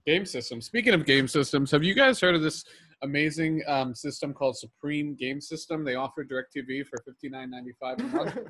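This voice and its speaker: A man co-hosting a casual podcast, joking and doing a mock ad read with a husky voice. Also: on the high side, animated, a little fast, a bit bright. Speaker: podcast co-host.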